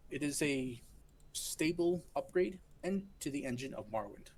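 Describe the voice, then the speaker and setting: A man's voice: a little high, animated, normal speed, slightly rough. A man with a Michigan American accent, patiently explaining game rules in casual chat over voice chat on a game stream. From Michigan, USA. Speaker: lore guest coaching a gamer.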